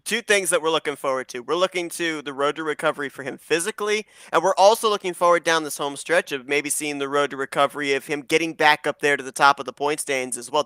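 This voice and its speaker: A man's voice: fairly high pitch, sharp tone, clean tone, dry recording. A man commentating a sim racing broadcast in an upbeat, polished play-by-play manner. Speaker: race commentator.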